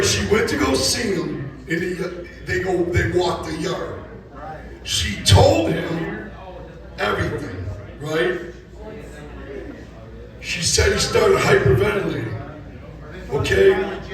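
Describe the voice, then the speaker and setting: A man in his fifties telling a profane, animated story to a live crowd, laughing and shouting punchlines. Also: sits high, slow, long pauses. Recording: echoey live venue from far off with loud crowd.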